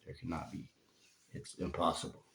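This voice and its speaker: A man with a very low, gravelly voice, telling a painful story from his own life. He speaks haltingly and heavily, with long pauses. The sound comes from a phone in a roomy space with some echo. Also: monotone, fairly bright tone, slight background noise. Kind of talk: personal storytelling.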